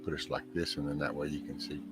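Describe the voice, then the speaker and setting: A man explaining things in a halting, step-by-step way. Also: rumbling low, level tone, music in the background. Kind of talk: casual chat.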